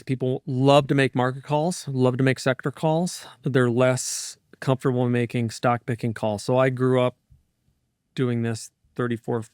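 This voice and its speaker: A man in his fifties, a market strategist guest in an interview, talking in an energetic, rambling, digressive way. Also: mid-range voice, clean tone, no echo, studio quality. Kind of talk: casual interview talk.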